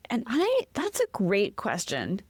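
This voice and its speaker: Chatty, animated woman with a dry sound. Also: medium pitch, unhurried, husky, no room sound. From Massachusetts, US. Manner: animated, rambling, self-interrupting. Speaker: podcast guest, comedy founder. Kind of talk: casual interview chat.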